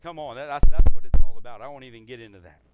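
A man preaching a sermon in a conversational way, repeating phrases and swinging between loud exclaims and soft, low scripture reading. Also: rapid-fire, muffled recording, very noisy. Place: church service.

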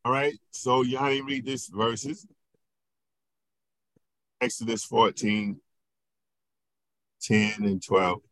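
A man, a pastor, teaching a Bible lesson in a slow, questioning way and often checking in with his listeners. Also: medium pitch, fairly bright tone, no echo.

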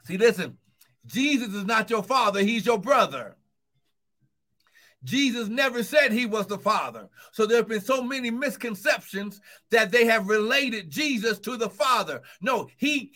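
A man preaching a sermon to an online audience, fervent and breaking into shouts, calling out repeated encouragements. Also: high voice, animated, normal speed. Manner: fervent, bursts into shouts of "woo, glory"; calls out repeated encouragements to listeners. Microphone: streaming live to online viewers.

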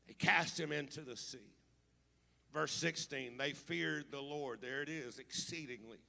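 A male preacher in a sermon, swinging from easy storytelling to loud, fervent calls. His voice sits high and bright, with a gravelly fry at the bottom. The sound rings with the long reverb of a church hall. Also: normal speed. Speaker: pastor.

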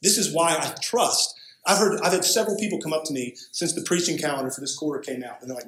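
A man preaches a sermon in a slightly high voice, pressing his points hard and tossing in "right?" to check on his listeners. The sound rings around a roomy church hall. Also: fast, a bit bright. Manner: emphatic preaching with frequent "right?" asides. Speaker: pastor.

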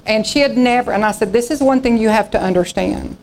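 A pastor in her sixties preaches in a folksy, storytelling style, acting out the voices of people in her stories. Her voice is on the high side, brisk, a little mellow, with a gravelly, slightly creaky edge. The audio is poor, with a faint hum behind her.

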